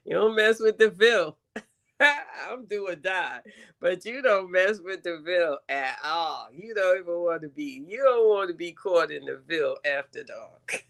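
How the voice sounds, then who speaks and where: A woman's voice: fairly low pitch, lively intonation, unhurried, gravelly, fairly bright tone. A woman with a thick Brooklyn accent hosts a casual livestream. She talks bluntly and emphatically, and she breaks into laughter often as she chats. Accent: Brooklyn New York. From Brooklyn, New York. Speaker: stream host reading cards.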